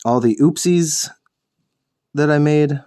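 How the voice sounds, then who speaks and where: A young man with a slightly high, warm, clear and resonant voice speaks slowly on his miniature painting show. Chatting while he paints, he rambles, backtracks to correct himself and tosses in jokes with the occasional curse.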